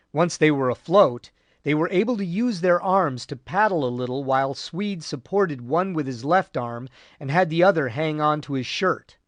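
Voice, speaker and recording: A man narrating a war history audiobook in a measured, grave way. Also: a little high, no room sound. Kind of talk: scripted narration.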